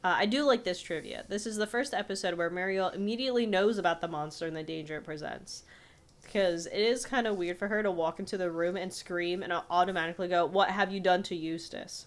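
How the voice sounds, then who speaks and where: A woman's voice: on the low side, lively intonation, fairly quick. A woman co-hosting a podcast, chatting casually about a cartoon and reading trivia aloud with frequent laughter. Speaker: podcast co-host.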